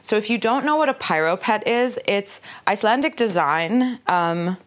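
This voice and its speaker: With a mid-range voice, lively intonation, and moderate pace, a woman from a magazine's staff presents an unboxing. She chats casually and rambles, leaning on filler words and poking fun at herself.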